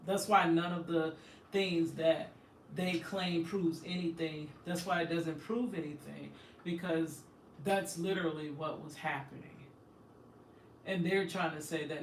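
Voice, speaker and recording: A woman's voice: deep voice, fairly even intonation, measured pace. Impassioned woman, echoey and far off. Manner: emphatic, impassioned, indignant. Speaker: host. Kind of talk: emotional personal storytelling. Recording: echoey room, distant from the mic, faint background noise.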